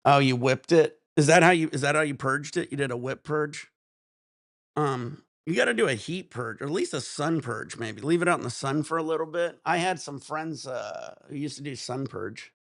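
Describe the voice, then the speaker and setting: Laid-back gravelly man on a livestream. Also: a little high, expressive, moderate pace, fairly bright tone, no echo, clean studio sound. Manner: laid-back, rambling, laughs often, swears casually. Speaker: livestream host. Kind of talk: casual livestream chat.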